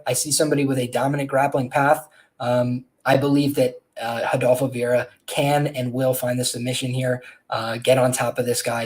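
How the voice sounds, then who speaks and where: A podcast host and fight handicapper, this man has a mid-range, slightly mellow voice. He gives casual, rambling betting analysis of upcoming fights in a conversational way, full of fillers and restarts.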